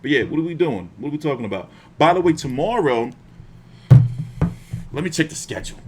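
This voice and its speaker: A man's voice: fairly high pitch, fairly quick, music in the background. A young man hosting a boxing live stream, telling stories in casual, profane slang. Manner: profane, animated storytelling with slang.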